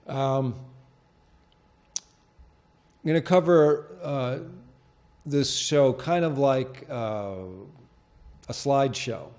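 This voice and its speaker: Male host, slow unhurried delivery, hesitant with lots of uhs, small-studio public access feel. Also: mid-range voice, darkish tone. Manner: halting, many fillers and restarts. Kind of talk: casual unscripted presentation. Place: TV studio with green screen.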